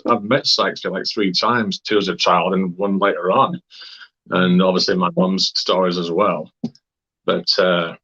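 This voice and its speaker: A man's voice: deep voice, a bit bright, breathy edge, highs cut off. A man from Wakefield, England, telling a story in a casual, rambling way, with many fillers and hesitations. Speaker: interviewee.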